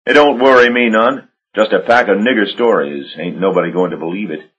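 A man's voice: on the low side, brisk, fairly bright tone, husky, lo-fi sound. A man voicing a coarse, sly young henchman who speaks, drawling and dismissive.

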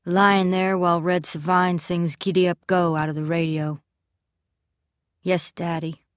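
A woman giving scripted first-person narration of a story in a measured, steady storytelling delivery. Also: lowish voice, clean tone, no echo, studio quality. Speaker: audiobook narrator.

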